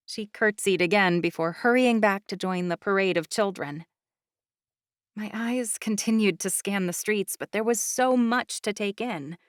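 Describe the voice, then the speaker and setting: In a dry recording of studio quality, a woman narrates a fantasy audiobook in the first person from a script. She speaks at normal speed and medium pitch, with even, clear storytelling.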